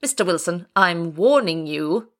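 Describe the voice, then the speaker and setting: A woman's voice: fairly low pitch, lively intonation, unhurried. A woman reading the lines of a firm male airline pilot who speaks in a commanding, then soothing way. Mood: stern. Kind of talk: audiobook reading.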